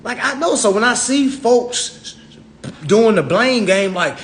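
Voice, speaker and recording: A man's voice: very high-pitched, animated, slow, slight background noise. A young adult man hosting a phone livestream, talking bluntly and profanely in a preachy rant full of acted-out dialogue. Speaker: social media live host.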